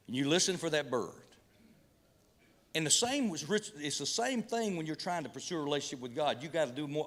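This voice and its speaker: Man, middle-aged pastor, folksy storytelling sermon, restarts a lot, long church-hall reverb. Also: fairly high pitch. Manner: folksy, repeats and restarts, mixes humor with preaching.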